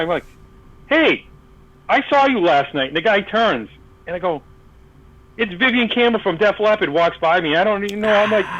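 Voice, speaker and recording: A man's voice: sits high, a bit bright, no room sound, lo-fi sound. A man telling a long story in casual podcast chat, acting out the voices of the people in it, with many fillers and restarts. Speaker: podcast guest.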